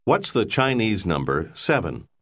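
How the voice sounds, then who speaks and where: A man narrating a language course, giving measured, explanatory prompts. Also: fairly low pitch, sing-song. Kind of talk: scripted instructional narration.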